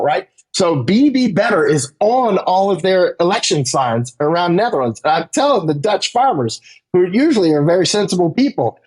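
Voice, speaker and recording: Husky, emphatic man talking fast. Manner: emphatic, rising pitch when worked up, many "right?" tags. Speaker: war correspondent guest. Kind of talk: animated interview monologue.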